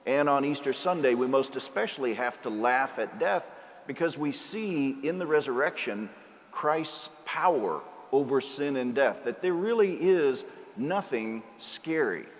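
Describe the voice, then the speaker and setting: A man's voice: mid-range voice, lively intonation, measured pace. A male priest giving a sermon, telling a joke story and then preaching earnestly. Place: large cathedral. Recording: cathedral reverb, faint ambience.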